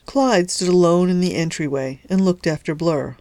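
Woman, author narrating her own story, lower voice, dry recording, lively humorous storytelling. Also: moderate pace, no room sound. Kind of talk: scripted narration of a serialized story.

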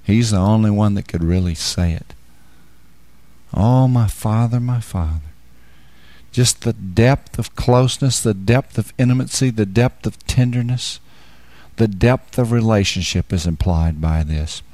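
A man giving a sermon, explaining scripture with homely examples and rising into loud, fervent preaching. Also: moderate pace, dry recording. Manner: builds to loud, high-pitched fervent preaching. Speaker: Bible teacher.

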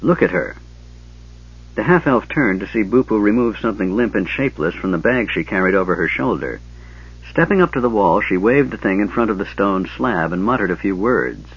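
A man narrates a fantasy story in a steady, even storytelling voice. His voice is low and husky. The recording sounds dull and lo-fi. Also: fairly quick. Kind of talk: scripted narration.

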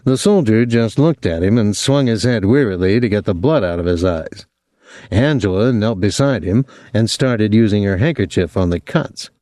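A man's voice: on the low side, animated, moderate pace, dark tone, no echo, clean studio sound. A man reading a novel aloud as an audiobook narrator, giving each character a voice.

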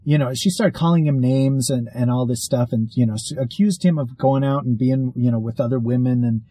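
Mellow, husky man telling a story. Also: mid-range voice, brisk, no echo, poor audio. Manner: rambling, many fillers and restarts. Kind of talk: casual spoken storytelling.

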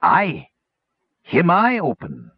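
A man's voice: wildly swooping pitch, takes it slowly, breathy edge, no echo, muffled recording, heavily acted. A man doing a squawking dim-witted goblin. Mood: gloating. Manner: broken grammar, high squawk.

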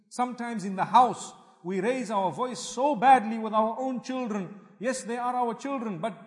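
A man giving a sermon as an Islamic preacher, animated and emphatic, weaving Arabic religious phrases into his English. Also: sits high. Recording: long hall reverb.

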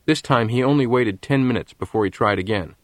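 A man's voice: mid-range voice, dry recording. Man narrating in a dry, close voice. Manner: measured storytelling. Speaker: audiobook narrator. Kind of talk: scripted narration.

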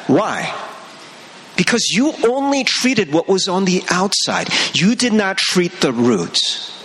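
A young male pastor giving a sermon in an animated, conversational way, laughing between points and talking straight to the congregation. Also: sits high, a little hiss or hum.

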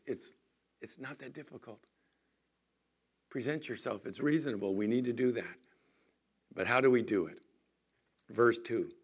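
A middle-aged man giving a sermon as a pastor, moving between quiet talk and loud, emphatic pleading. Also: mid-range voice.

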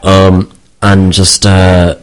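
A man's voice: deep voice, completely flat delivery, drawn-out words, smooth, rough recording. A man chatting casually on a talk show, rambling and stammering as he restarts. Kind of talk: casual chat.

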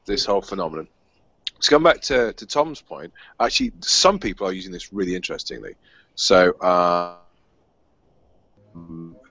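A man with a low voice moderates a panel discussion, stopping and restarting his sentences often. The sound is bone-dry and muffled, as though coming through a weak call line. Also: a bit bright, dry recording. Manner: halting, many restarts. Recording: muffled lo-fi audio.

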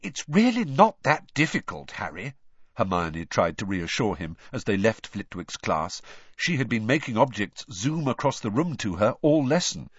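A man narrating a story aloud with expressive, animated storytelling. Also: medium pitch, breathy edge, no room sound. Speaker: audiobook narrator. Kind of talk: scripted narration. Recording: dull dry lo-fi audio.

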